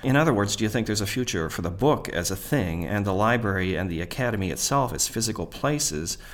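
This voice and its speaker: A man with a fairly low voice hosts a radio interview. He asks long, musing questions and keeps affirming what his guest says.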